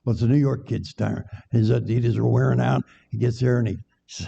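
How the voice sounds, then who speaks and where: An older man preaches a folksy sermon, teasing the congregation between stories. His voice is dark, gravelly and a bit husky. It comes across dull and echoing, as if recorded in a church sanctuary. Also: medium pitch, steady tone, a little fast. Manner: chatty, joking, banters with congregation. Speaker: guest preacher.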